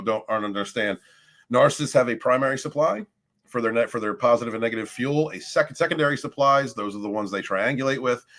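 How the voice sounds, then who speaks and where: A man's voice: lowish voice, fairly bright tone. A man hosting a casual motivational livestream who talks in a rambling, profane way with many restarts. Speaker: livestream host, abuse recovery talker.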